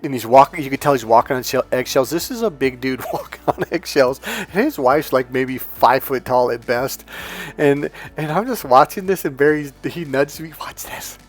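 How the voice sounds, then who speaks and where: A man telling a story and acting out the people in it as a dating coach. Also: medium pitch. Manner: animated, acts out the people in the story. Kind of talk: storytelling to camera.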